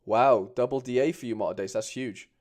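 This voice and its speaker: A man's voice: mid-range voice, a little fast, a little mellow. Chatty man on a live stream. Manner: chatty, informal, reads viewer comments aloud, frequent restarts. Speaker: streamer reviewing fan card collections. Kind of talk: casual live stream chat.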